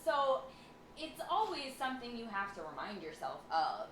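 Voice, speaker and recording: A woman's voice: on the high side, big pitch swings, moderate pace, a bit bright. A woman co-hosting a casual podcast, chatty and saying "like" a lot. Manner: chatty, says "like" often. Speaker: co-host. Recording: echoey room with clear background noise.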